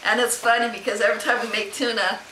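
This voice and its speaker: A woman's voice: fairly high pitch, steady tone, quick pace, sharp tone, reverberant, slight background noise, poor audio. A middle-aged woman chatting casually to camera at home, rambling and laughing as she answers questions. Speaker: vlogger answering a question tag. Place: home room.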